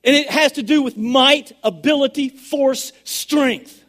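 A man preaching a sermon, excitable and swinging between shouting and a hushed voice. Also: extremely high pitch, moderate pace, hardly any pauses. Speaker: pastor.

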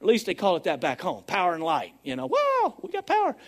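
A man preaching a sermon, excitable and swinging between shouting and a hushed voice. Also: sits high, fast talker. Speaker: pastor.

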